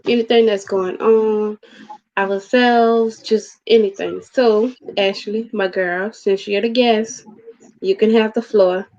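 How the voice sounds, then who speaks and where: A woman hosting a casual podcast, relaxed and friendly as she wraps up the show. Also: medium pitch, slow. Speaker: podcast host. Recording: dull lo-fi audio.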